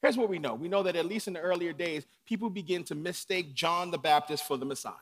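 A man preaching a sermon from the pulpit, dropping to hushed lines and climbing to shouts. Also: fairly high pitch, fast. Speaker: pastor. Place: church sanctuary.

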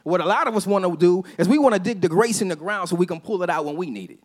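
A man preaching a sermon as a pastor, telling a personal story in a casual, conversational way and often dropping to a soft, low voice for emphasis. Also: expressive, fast. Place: church sanctuary.

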